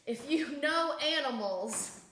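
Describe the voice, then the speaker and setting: A woman's voice: sits high, lively intonation, takes it slowly, fairly bright tone, echoey room, a little hiss or hum. A woman hosting a casual spiritual podcast, blunt and profane, laughing often as she talks. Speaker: podcast host.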